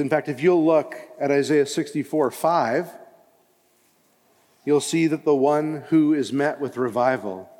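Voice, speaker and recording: A man preaching a sermon as pastor, impassioned and rising to loud emphatic cries. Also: medium pitch. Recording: long hall reverb.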